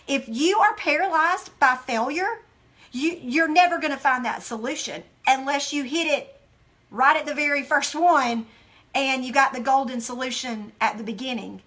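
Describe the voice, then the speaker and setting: In a motivational devotional talk, a woman with a high, bright voice tells stories with intensity and emotion. She addresses her listeners straight on and earnestly, at a normal speed.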